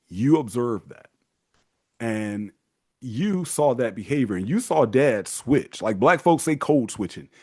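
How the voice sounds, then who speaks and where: A man hosting a casual advice monologue, talking in an animated way and mocking the people he quotes. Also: on the high side. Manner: animated, acts out quoted parents in mocking voices. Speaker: host giving men's advice.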